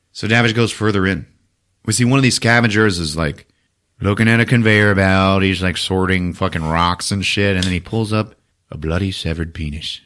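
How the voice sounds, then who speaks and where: A man hosting a podcast, giving a profane, animated comic retelling of a movie. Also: sits low. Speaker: podcast host.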